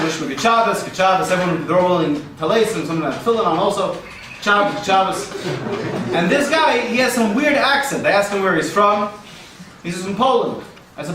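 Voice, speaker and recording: A man's voice: high voice, a bit bright, distant mic, a little hiss or hum. A man performing a rambling stand-up set for a live audience, joking and sprinkling in Yiddish and Hebrew terms. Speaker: stand-up comedian. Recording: echoey room recorded from afar.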